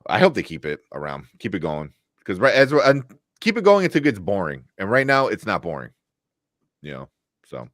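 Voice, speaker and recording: A man's voice: low-pitched, wildly swooping pitch, fairly quick, fairly bright tone, no echo, clean studio sound. A man co-hosting a casual live chat show, easygoing, with lots of fillers and agreeing asides. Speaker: co-host.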